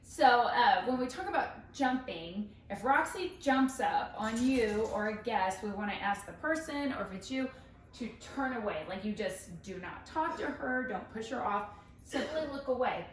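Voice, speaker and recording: A woman dog trainer with an expressive voice explains and demonstrates at normal speed, chatty and upbeat, switching to a high praise voice with the dog. It's an instructional training demo recorded from a distance with roomy echo, faint music and slight background noise.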